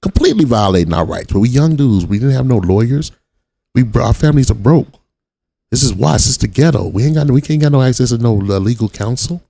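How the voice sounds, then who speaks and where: A man from Watts talks over a clip in blunt, profane street speech. His voice is gravelly and dark at a middle pitch. The recording is close and dry. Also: animated, fast, dry recording. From Watts, Los Angeles. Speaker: channel host reacting to a video. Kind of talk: reaction commentary.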